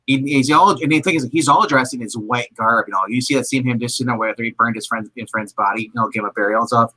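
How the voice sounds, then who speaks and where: A man co-hosting a movie review show in casual chat, acting out characters in quick voices and laughing often. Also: medium pitch, bright, forceful tone, low-quality recording.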